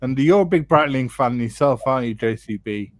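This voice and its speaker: A man hosting a live watch chat, relaxed and jokey, thinking aloud with plenty of fillers. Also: medium pitch, brisk, dry recording. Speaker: watch show host.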